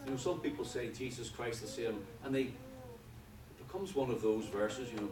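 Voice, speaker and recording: A man preaching a sermon with fervor, swinging from quiet talk to loud passages. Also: mid-range voice, fairly quick, crowd noise. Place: church hall. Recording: echoey hall from far off with background noise.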